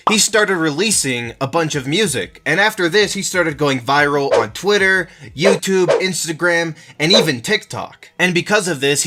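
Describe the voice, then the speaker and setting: A man's voice: fairly high pitch, pushed and bright. A man narrating a scripted commentary video, telling the story with a building-suspense delivery. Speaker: YouTube commentary host.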